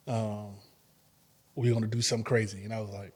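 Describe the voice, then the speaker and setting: A former fighter telling stories in a casual interview, acting out quotes and laughing often. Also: male voice, lowish voice, fast. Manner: animated storyteller, acts out quotes, laughs often.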